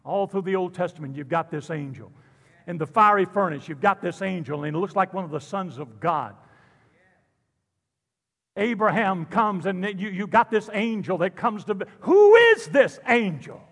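A man preaching a sermon, animated and jokey, calling out to the congregation. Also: high-pitched, moderate pace, in a large hall. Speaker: pastor.

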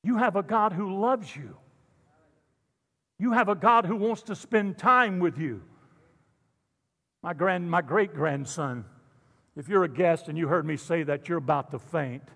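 A man's voice: sits high, measured pace, vocal fry, pauses often, a bit bright, breathy edge. An older man preaching a sermon as pastor in a church, fervent and drawn out on the big lines, with joking asides. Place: church sanctuary. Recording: long hall reverb.

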